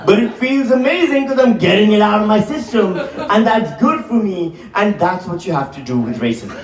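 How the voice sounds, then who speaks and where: A man in his forties doing profane, animated stand-up comedy before a live audience. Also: high-pitched. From Pakistan. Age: 40s. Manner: animated, profane, quick asides to the crowd. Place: large hall, live audience. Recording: roomy live hall, mic from a distance, crowd laughter. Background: audience laughter.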